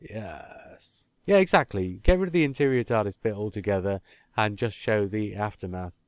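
A man's voice: on the low side, normal speed, dry recording. A man hosting a podcast, chatting casually and talking his points through at length. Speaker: podcast host.

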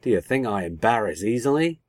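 A man's voice: on the low side, animated, a little fast, no room sound. A blunt, unsentimental young woman, put on by a male reader in a raised register. She speaks plainly and bluntly. The sound is close and dry.

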